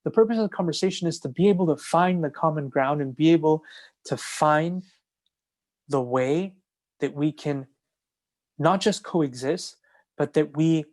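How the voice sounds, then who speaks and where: A man's voice: on the high side, moderate pace. A man speaking as a guest in a casual podcast conversation, earnest and repetitive, restarting phrases as he builds to his points.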